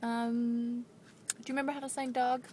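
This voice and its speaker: A mother filming a home video on a handheld camera, coaxing and praising her toddler in a slow, sing-song way. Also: fairly high pitch, little pitch movement, mellow, slight background noise. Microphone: handheld camera she is holding.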